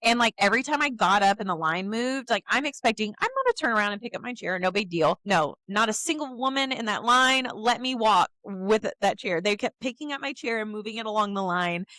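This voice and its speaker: Young woman chatting on a podcast, really animated, does little voices for people. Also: mid-range voice, brisk, hardly any pauses, no room sound. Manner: animated storyteller, acts out quotes in changed voices. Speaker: podcast co-host. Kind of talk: casual chat.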